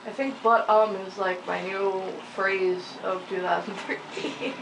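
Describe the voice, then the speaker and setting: A young woman giving casual, rambling gameplay commentary, giggling often and filling pauses with ums, a little sleepy with hiccups. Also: medium pitch, fairly even intonation, creaky. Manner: rambling, giggly, many fillers. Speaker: gaming channel host. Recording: distant mic with faint noise.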